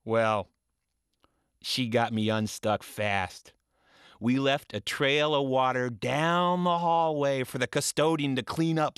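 A man telling a personal story in an animated way, swinging from hushed low tones to high excited ones. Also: no echo, studio quality.

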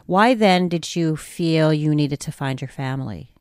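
An interviewer gently prompting a guest and offering soft affirmations. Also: mid-range voice, measured pace, clean tone, no room sound, studio quality.

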